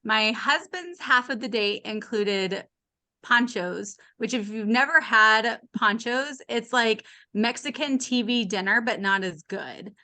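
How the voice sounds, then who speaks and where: A woman in her late thirties or forties, guesting on a podcast, speaks a little high and at a slow pace. She's casually telling a frank, funny personal story, animatedly acting out the voices of the people in it with wry, candid humor.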